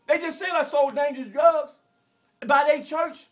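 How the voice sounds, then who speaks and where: A man in his forties from Arkansas with a Southern American accent, delivering an emotional, preachy rant that repeats phrases and bursts into shouts. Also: very high-pitched, quick pace. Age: 40s. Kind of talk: impassioned direct-to-camera rant.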